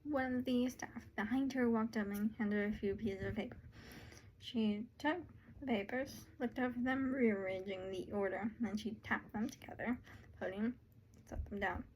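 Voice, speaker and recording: A woman's voice: mid-range voice, steady tone, normal speed, darkish tone, a little hiss or hum, poor audio. A woman narrating her own story casually, with rambling, chatty asides.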